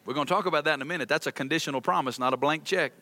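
Guy preaching a sermon, high pitched and bright, punchy and repetitive. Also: rapid-fire, dry recording. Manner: emphatic, repeats key phrases. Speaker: pastor.

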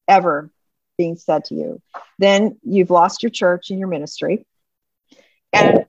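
A woman's voice: fairly low pitch, no echo. A middle-aged woman, a pastor's wife, telling her personal story in an interview in an earnest way and acting out past conversations. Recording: slightly dull lo-fi sound.

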